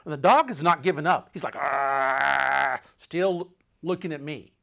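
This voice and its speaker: Brisk and lively in intonation, a man tells of his own travels with plenty of drama and repeated phrases. His delivery alternates between urgent loudness and quiet, low-pitched asides.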